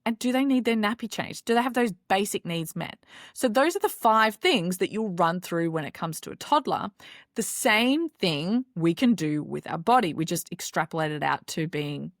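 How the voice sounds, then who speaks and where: A woman's voice: lowish voice, animated, normal speed, no room sound, clean studio sound. A woman, a doctor hosting her own podcast and explaining things conversationally. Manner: conversational, explanatory, with scripted intro. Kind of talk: solo podcast monologue.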